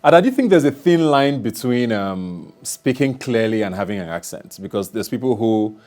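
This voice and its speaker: Guy running the panel, lower voice, keeps asking probing stuff. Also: animated, normal speed, a little mellow. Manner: probing questioner. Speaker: talk show host. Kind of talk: hosting a panel discussion.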